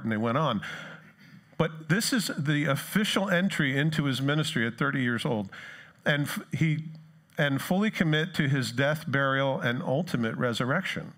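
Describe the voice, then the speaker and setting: A man's voice: mid-range voice, a bit bright. A male pastor giving a conversational sermon to a church congregation, reading scripture and putting questions to his listeners.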